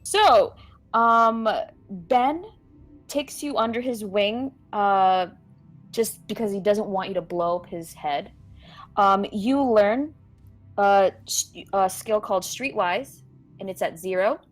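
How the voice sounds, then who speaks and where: A woman's voice: mid-range voice, takes it slowly, faint music behind. A woman narrating a tabletop game as game master, describing scenes with casual fillers.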